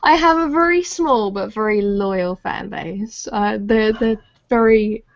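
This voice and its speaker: A woman's voice: mid-range voice, unhurried, highs cut off. A woman co-hosting a podcast as a comic artist, chatting casually while she draws, often laughing and restarting her sentences. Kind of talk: casual chat while drawing.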